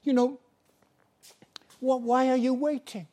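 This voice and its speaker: A man's voice: very high voice, flat delivery, slow, mellow. A male preacher giving an earnest, pleading evangelistic sermon, acting out little everyday dialogues.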